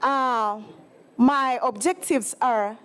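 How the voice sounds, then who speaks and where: A young woman from Eastern Uganda with a Ugandan accent, giving an earnest, halting student campaign speech and often apologizing. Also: fairly high pitch, a bit bright, clean tone. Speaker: student election candidate.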